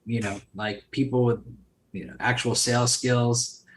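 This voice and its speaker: A man's voice: mid-range voice, level tone, a little slow, reverberant. A man, a guest on a podcast, talking loosely and profanely with lots of fillers. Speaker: podcast guest, solar sales company owner. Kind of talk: casual podcast interview.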